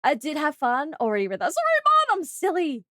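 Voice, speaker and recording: Young Australian woman streamer, excitable and chatty, high lively voice, dry close sound. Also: brisk, no echo. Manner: bubbly, excitable, gasps and squeals when greeting viewers. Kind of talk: live gaming stream chat.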